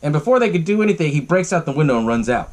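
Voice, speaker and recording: A man's voice: a little high, sing-song, rapid-fire, a little mellow. A man hosting a podcast, casually recapping a movie, swearing often and laughing along. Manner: profane and laughing, lots of fillers. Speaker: podcast host.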